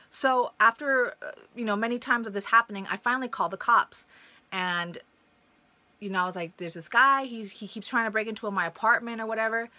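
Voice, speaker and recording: A woman's voice: a little high, a little fast, dry recording. A young woman casually telling a personal story to camera, blunt and profane, acting out the voices of people in it. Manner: blunt and profane, animated retelling. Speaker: vlogger.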